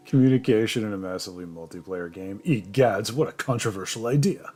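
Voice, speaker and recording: A man with a fairly low voice hosts a relaxed late-night chat. He drops dry, casually sweary remarks in a laid-back way. Faint music plays behind him. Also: normal speed. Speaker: streamer host.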